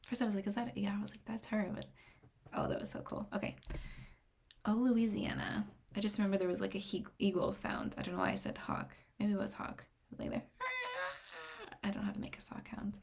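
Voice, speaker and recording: A young woman with a gravelly, fry-laced voice talks through her first reactions to an album, excitable and rambling. She keeps slipping into whispers as she reads her notes aloud, then bursts back up in delight. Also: medium pitch, fairly quick. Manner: excitable, rambling, often drops to a whisper while reading notes. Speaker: music reaction vlogger. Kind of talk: casual reaction commentary.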